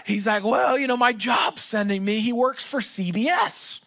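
A male pastor telling a humorous story to his congregation during a sermon, animated and self-mocking. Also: very high voice, moderate pace, creaky. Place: church with live audience.

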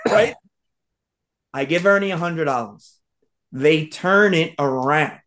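Man, storytelling, animated, acts out quotes, laughs a lot, slightly high voice. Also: slow pace, pauses often. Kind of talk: casual storytelling.

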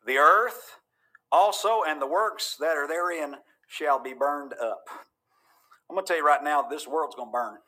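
A fervent preacher from Georgia with a bright, ringing voice that sits a bit high for a man. He mixes folksy asides with hard-driving proclamation. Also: measured pace. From Georgia, USA. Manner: fervent, folksy, cracks jokes then thunders. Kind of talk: sermon.

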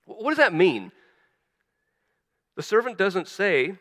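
A man preaching a sermon as a pastor, animated, acting out quoted voices, often stumbling and restarting. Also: high voice, slow pace, long reverb tail.

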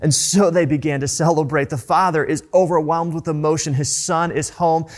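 A man preaching a sermon in a conversational tone, telling the story in a lively way. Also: fairly high pitch, moderate pace. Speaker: pastor.

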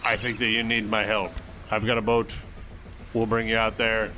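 Man doing a grumpy peg-legged halfling fisherman, gruff, bright voice. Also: fairly low pitch, monotone, normal speed, slight background noise.

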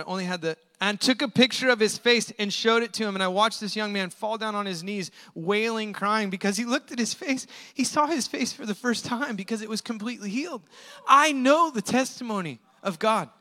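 A male pastor preaching a storytelling sermon in a casual, conversational way, with emphatic points and quick asides. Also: sits high, bright, forceful tone, big-room sound.

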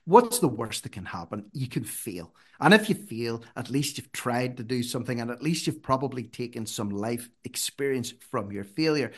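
A middle-aged man, a podcast guest telling stories in an earnest, emphatic way that climbs high when he urges. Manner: earnest, emphatic, rises sharply when urging. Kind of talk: conversational storytelling.

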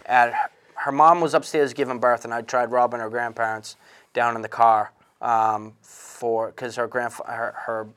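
A man in his thirties telling his own recovery story in an earnest, halting way, with frequent restarts and fillers. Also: mid-range voice, a bit bright. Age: 30s. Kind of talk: candid personal testimony.

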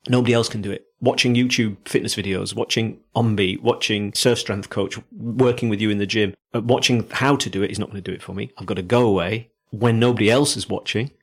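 A man's voice: on the low side, steady tone, brisk, gravelly, few pauses, husky. A man from South Africa with a South African accent, co-hosting in casual chat. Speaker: podcast co-host.

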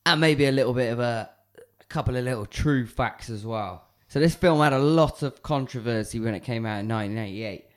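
A man co-hosting a podcast, chatting about a film with dry, quick wisecracks. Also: mid-range voice. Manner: laughs easily, dry wisecracks. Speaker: podcast co-host. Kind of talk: casual chat about a film.

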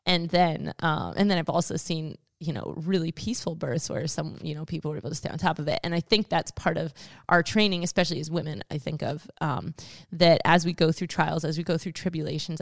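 A woman's voice: sits low, vocal fry, dry recording, studio quality. A woman in her thirties co-hosting a faith podcast, talking earnestly in a rambling way with fillers and frequent laughter. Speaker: co-host.

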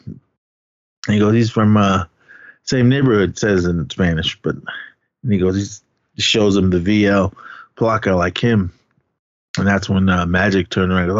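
A low-voiced man retells a movie scene by scene in a relaxed podcast chat, slipping into the characters' lines as he goes. The recording is dry and a little dull. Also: moderate pace, no echo. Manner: retells scenes, quoting characters in pitched-up voices, laughs often. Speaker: podcast co-host. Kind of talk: casual movie recap.

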